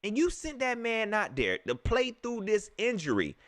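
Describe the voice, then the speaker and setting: A man ranting in casual slang about football, repeating his points with animated emphasis. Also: high-pitched, moderate pace, no room sound, studio quality. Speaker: sports vlogger. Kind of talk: casual sports rant.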